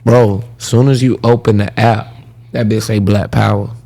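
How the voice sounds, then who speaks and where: A man's voice: lowish voice, flat delivery, normal speed, gravelly, mellow. A young man co-hosting a podcast in casual chat, taking his time to explain his points and laughing along. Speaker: podcast co-host.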